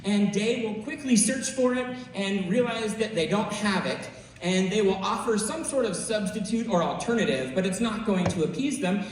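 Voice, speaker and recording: A man with a high voice hosts an improv show, explaining the games in a relaxed way full of fillers. He is picked up from a distance in a big hall with long echo. There is a faint hiss behind him. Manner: casual, with fillers, apologetic. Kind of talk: explaining game rules to a live audience. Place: theater stage. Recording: echoey hall from far off, faint noise.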